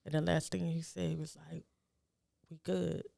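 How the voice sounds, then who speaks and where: A middle-aged woman speaking as a guest, telling a personal story in a soft, halting, reflective way and becoming urgent when she gives advice. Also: low-pitched, little pitch movement, gravelly, no room sound.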